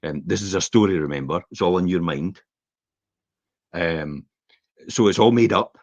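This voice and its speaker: This middle-aged Scottish man co-hosts a podcast, speaking in a deep voice at normal speed as he casually chats and spins rambling, animated stories full of acted-out quotes. The recording is dry, dull, and a little lo-fi.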